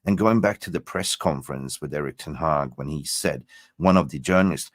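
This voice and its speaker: Man, very low voice, dry close mic, casual swearing guest, a bit tired. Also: no room sound. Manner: animated, swears casually, quick asides. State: tired, just woke up. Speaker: guest fan content creator. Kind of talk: casual stream chat.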